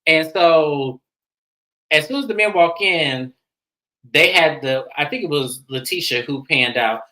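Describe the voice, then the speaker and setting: A woman with a lowish voice hosts a casual recap chat. She talks bluntly and swears freely. She jumps into animated voices when she acts out quotes. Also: unhurried, rough recording. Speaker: show host reviewing a reality series.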